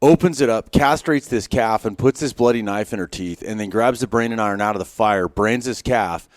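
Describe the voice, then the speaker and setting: Middle-aged guy with a lowish voice spinning self-deprecating stories, lots of restarts, very dry sound. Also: fairly quick, dry recording. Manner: animated, self-deprecating anecdotes with frequent restarts. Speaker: podcast guest, former Marine sniper. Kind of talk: casual storytelling. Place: on a wilderness hunting trip.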